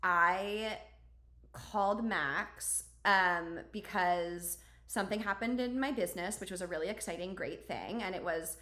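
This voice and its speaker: A woman's voice: fairly low pitch, unhurried, sharp tone. Chatty woman podcast host, roomy sound. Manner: chatty, many fillers like "like" and "um". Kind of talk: casual conversational storytelling.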